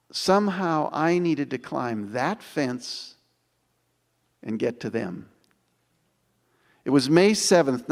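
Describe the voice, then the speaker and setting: Man in his 60s, motivational speaker, slightly high voice, dramatic build-ups, long hall reverb. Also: creaky. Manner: dramatic, building repetitions with slow emphatic pauses. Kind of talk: inspirational storytelling speech. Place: large auditorium.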